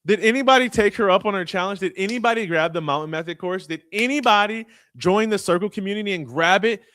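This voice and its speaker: A man in his thirties hosting a live online community call, shouting out names with slangy, excitable energy and talking casually while sharing his screen. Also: high-pitched, quick pace, dry recording, clean studio sound. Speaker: host. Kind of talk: hype-filled live community broadcast.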